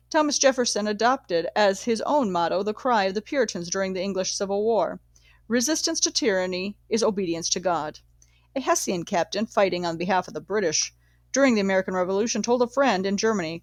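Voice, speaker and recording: A woman reading a nonfiction history book aloud in a measured, steady way, sometimes correcting herself. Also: mid-range voice, no echo. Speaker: audiobook reader.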